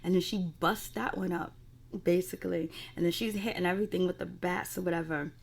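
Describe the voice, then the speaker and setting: A woman's voice: on the low side, steady tone, fairly quick, gravelly, slightly rough. A woman casually recapping a TV episode in a rambling, profane way with lots of fillers. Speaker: TV recap reviewer.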